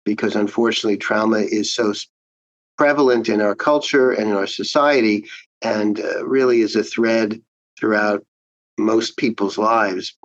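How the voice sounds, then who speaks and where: A man, a child psychiatrist, giving measured, explanatory answers in an interview. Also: fairly low pitch, steady tone, dry recording, lo-fi sound.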